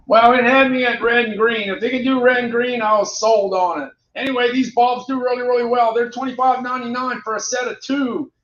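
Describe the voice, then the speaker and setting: Man, high bright voice, chatty product reviewer, repeats phrases, roomy dull lo-fi audio. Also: fairly even intonation, a little fast, hardly any pauses. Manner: chatty, repeats phrases, reads out prices and ratings. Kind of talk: casual product chat.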